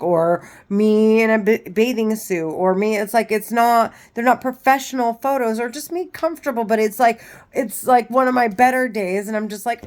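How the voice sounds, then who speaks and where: A woman's voice: on the high side, normal speed. A woman vlogging in a rambling, agitated monologue full of profanity and restarts.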